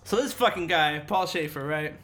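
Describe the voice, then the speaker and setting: A man's voice: on the high side, moderate pace, fairly bright tone, slight background noise. A man co-hosting a casual podcast, reading from notes and breaking into profane jokes and laughter. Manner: reads notes aloud, breaks off into profane joking asides; laughs often mid-sentence. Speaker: podcast co-host reading the story.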